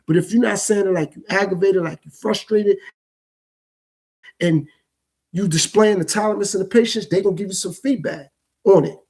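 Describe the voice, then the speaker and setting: High, gravelly-voiced man talking loosely. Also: moderate pace, pauses often, a little mellow. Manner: loose, repetitive, reflective street-talk delivery. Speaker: podcast host. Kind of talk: casual solo podcast monologue.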